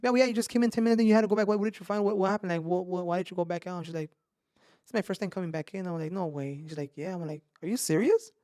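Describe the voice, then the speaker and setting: Fast-talking high-voiced man telling ghost stories. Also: no room sound, clean studio sound. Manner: animated, swears a lot, mixes in Spanish slang. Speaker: podcast host. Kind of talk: casual storytelling chat.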